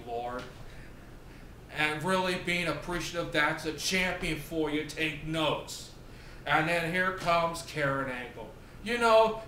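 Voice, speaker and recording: A man hosting his own wrestling recap show, talking in an excitable, sarcastic way and acting out the wrestlers' lines. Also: high-pitched. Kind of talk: animated solo recap and opinion. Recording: echoey room with faint noise.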